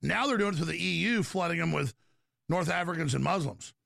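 A middle-aged man hosting a call-in radio show, ranting forcefully and jumping about in pitch and pace. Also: expressive, fairly quick, gravelly, no echo, studio quality. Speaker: radio talk show host.

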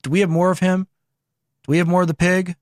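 A man's voice: high-pitched, level tone, quick pace, darkish tone, no echo, studio quality. A man hosting a commentary show who reacts to video clips and reads quotes aloud. He sounds sarcastic and indignant and often talks over the clips.

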